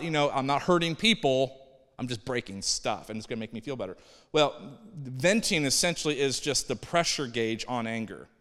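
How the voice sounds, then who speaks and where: A man's voice: fairly high pitch, a bit bright. Man preaching a sermon in a reverberant hall. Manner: conversational, acts out quoted people. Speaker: pastor. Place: church sanctuary.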